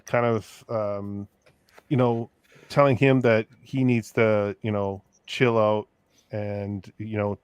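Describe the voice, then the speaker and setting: A man's voice: fairly low pitch, smooth, no room sound. A man hosting a casual review chat, recapping scenes in a rambling way with many fillers. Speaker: podcast host.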